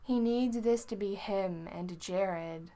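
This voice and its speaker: A woman reading a story aloud in an unhurried, informal way. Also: medium pitch, dark tone. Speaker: narrator.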